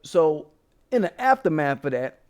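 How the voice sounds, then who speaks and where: Profane, animated man telling a story. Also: a little high, a little slow, smooth. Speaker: commentary show host. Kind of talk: casual commentary.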